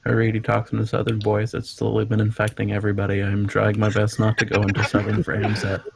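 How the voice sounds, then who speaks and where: A man's voice: on the low side, monotone, quick pace, vocal fry, a little hiss or hum. A man playing a tabletop game, chatting casually and laughing easily. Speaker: player.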